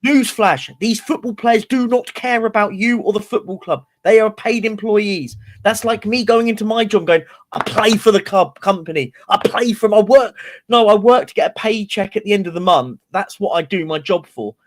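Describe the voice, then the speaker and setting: High-voiced man ranting about football. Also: moderate pace, hardly any pauses. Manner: animated, ranting, quotes fans in mocking voices. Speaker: podcast co-host. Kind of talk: casual football fan chat.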